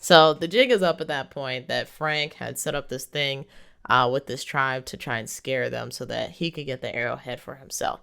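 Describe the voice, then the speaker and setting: A movie reviewer walks through a plot in a loose, chatty way, with plenty of ums and likes and little chuckles. The voice is smooth and clear, sitting at an ordinary middle pitch. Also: normal speed, a bit bright. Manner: rambling, lots of fillers, chuckles often. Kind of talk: casual plot recap.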